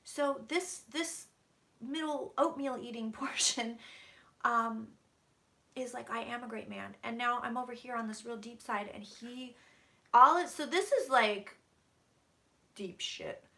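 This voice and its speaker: A woman's voice: on the high side, takes it slowly, long pauses, sharp tone. A woman psychic channeling on a live stream from her room, talking intensely, dropping to whispers and swearing freely. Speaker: psychic reader.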